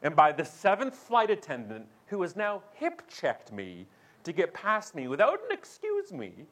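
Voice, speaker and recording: A man's voice: sits high, a little slow. A man giving a keynote talk as a speaker and show host, telling a funny story and acting out the voices of the people in it. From Canada. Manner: animated, acts out voices with big swings.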